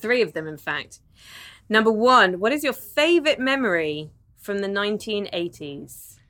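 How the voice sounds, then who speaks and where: A woman's voice: medium pitch, big pitch swings, moderate pace, fairly bright tone. A woman with a southern English accent hosting a podcast in a chatty, playful way, often laughing. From southern England. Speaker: podcast host. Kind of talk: casual chat.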